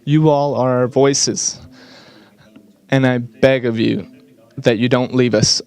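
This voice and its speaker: A man giving an earnest, slightly halting English voice-over interpretation of speakers at a conference. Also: medium pitch, fairly even intonation, a little mellow, clean tone.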